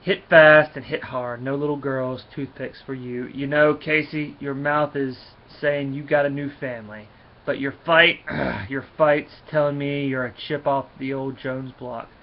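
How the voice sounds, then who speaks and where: A man reading aloud the lines of a gruff middle-aged father who is a former drunk turned thug. He reads flatly and stumbles over the words. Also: medium pitch, measured pace, close to an everyday voice. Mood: proud. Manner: flat read-aloud delivery with stumbles. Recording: dull lo-fi recording.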